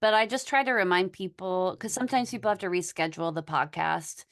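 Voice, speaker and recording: A woman hosting a casual podcast chat, speaking earnestly and haltingly with many pauses. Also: fairly low pitch, fairly bright tone. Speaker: podcast host.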